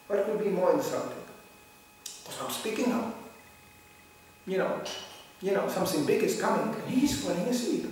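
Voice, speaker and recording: A man gives an informal scripture class, slipping into little acted voices for the people in his stories and chuckling as he goes. His fairly high voice sounds far from the mic, and it rings around a very echoey hall. A faint hum sits underneath. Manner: animated, acts out what people say in little voices; chuckles often while telling stories. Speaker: spiritual teacher giving a scripture class. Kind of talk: informal sermon with storytelling.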